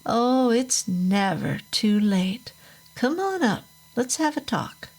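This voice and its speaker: A woman voicing a quiet, spooky man with a thick southern drawl who speaks softly, half in a whisper. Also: a little high, lively intonation, a little slow, pitched above the performer's own voice. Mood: coaxing.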